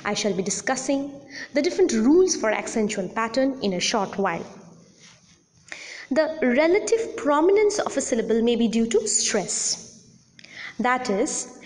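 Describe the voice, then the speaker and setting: A woman giving a recorded audio lecture, explaining slowly and deliberately with repeated examples. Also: on the high side, big-room sound.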